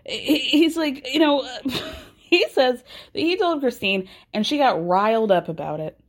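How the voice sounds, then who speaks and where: A young adult woman hosting a casual, gossipy TV recap, sassy and animated, with sarcastic asides. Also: sits high, a little slow. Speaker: recap podcast host.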